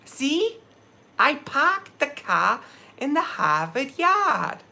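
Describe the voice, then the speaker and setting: Boston accent, put on by a man, exaggerated, drawn-out, teasing, high-pitched. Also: sing-song, creaky, bright, forceful tone, full character voice. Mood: mocking. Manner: slow, drawn-out teasing mimicry.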